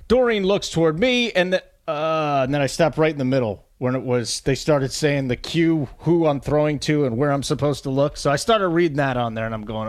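Brief: man in his forties, talkative fantasy football analyst, slightly high voice, dry studio sound. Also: brisk, few pauses, dry recording. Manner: chatty, self-deprecating, rambling. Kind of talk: casual sports radio banter.

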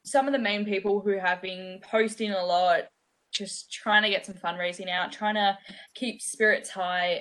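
A woman giving enthusiastic shout-outs on a casual video call, praising at length. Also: medium pitch. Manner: enthusiastic, speaks in run-on praise.

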